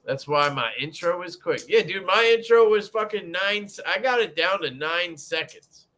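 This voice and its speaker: Young adult male livestream host, bright lively delivery, swears a lot, chatty with viewers. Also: sits high, moderate pace. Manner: profane, joking, greets chat viewers. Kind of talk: casual livestream chat.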